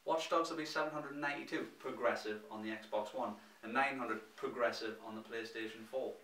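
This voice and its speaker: A young Geordie man rattles through gaming news at a quick clip, with dry, teasing asides between the items. His voice sits in a roomy, echoey space, picked up from a little way off the mic. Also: medium pitch, fairly even intonation, a bit bright. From North East England. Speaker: co-host of a gaming news show. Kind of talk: scripted comedic news reading. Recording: roomy echo, mic at a distance.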